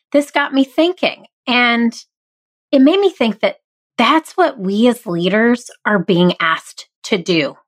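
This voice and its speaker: Slow-talking earnest woman podcaster. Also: medium pitch, fairly bright tone. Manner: candid, earnest, humorous and self-deprecating. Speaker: podcast host. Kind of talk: motivational podcast monologue.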